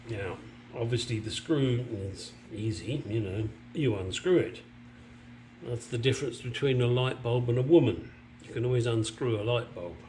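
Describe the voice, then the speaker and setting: Male hobby mechanic, vlog, chatty and crude, mid-pitched voice, faint hum behind. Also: lively intonation, measured pace, a little mellow. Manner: chatty, joking, crude asides; talks while working with tools. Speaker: car restoration vlogger. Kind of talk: casual workshop vlog. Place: home garage workshop. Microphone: camera mic on a stand nearby.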